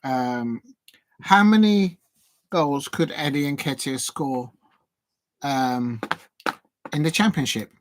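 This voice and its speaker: A man hosting a live football watch-along, rambling through chat comments with lots of ums and restarts and shouting now and then at the match. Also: mid-range voice, slow, long pauses. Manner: sudden excited shouts at match action.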